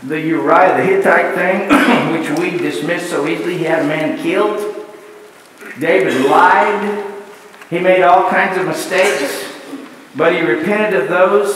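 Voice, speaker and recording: Male preacher, high voice, heard from a distance in a church hall with long reverb; repeats rhetorical questions. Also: moderate pace, fairly bright tone, a little hiss or hum. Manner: repetitive rhetorical questions, building lists. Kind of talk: sermon. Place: church sanctuary.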